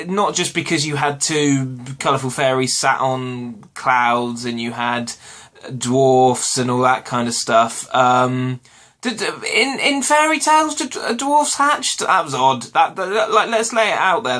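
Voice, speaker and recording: A man's voice: medium pitch, bright, forceful tone. A British man reviewing a TV episode in a casual vlog at home, rambling and correcting himself with lots of ums and uhs. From Britain. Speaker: vlogger. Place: home room with washing hung behind.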